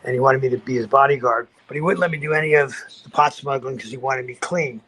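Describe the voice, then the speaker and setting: A man's voice: mid-range voice, quick pace, slightly rough, rough recording. Older male podcast guest, casual raconteur; rambles, restarts, voices the people in his story. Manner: rambling, animated storytelling with acted-out quotes; frequent restarts and fillers.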